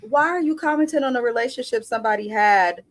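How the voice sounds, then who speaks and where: A woman's voice: a little high, quick pace. A woman co-host on a review livestream, speaking bluntly and emphatically with plenty of profanity. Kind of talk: casual review chat.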